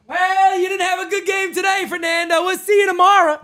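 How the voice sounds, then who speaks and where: A man hosting a live baseball watch-party stream, giving excitable, profane play-by-play and often shouting. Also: very high-pitched, a little fast, few pauses.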